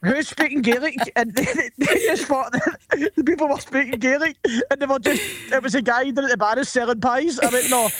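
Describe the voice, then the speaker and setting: A Glaswegian comedian tells an anecdote with animated energy, laughing often. His voice is notably high for a man. The sound is close and dry. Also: brisk, dry recording. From Glasgow. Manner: animated, laughs through stories. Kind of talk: casual anecdote.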